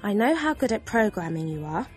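A woman voicing a strict female headmistress who speaks in a stern, sharp, loud way. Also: medium pitch, sing-song, fairly quick, faint music behind, natural voice.

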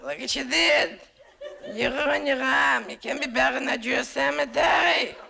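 A man voicing a shrill, shouting older aunt, horrified, in a stand-up bit. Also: normal speed, gravelly, heavy background noise, full character voice. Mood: shrieking. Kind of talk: stand-up impression.

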